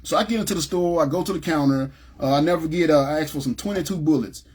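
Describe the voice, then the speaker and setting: A man recounts his own life story in a quick, rapid-fire delivery. His voice sits a little high for a man and has a husky edge. He speaks casually, often checks in with the listener, and acts out what people said. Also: darkish tone. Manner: conversational, acts out quoted speech, frequent "you know what I'm saying". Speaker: man giving a personal testimony. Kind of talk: personal storytelling.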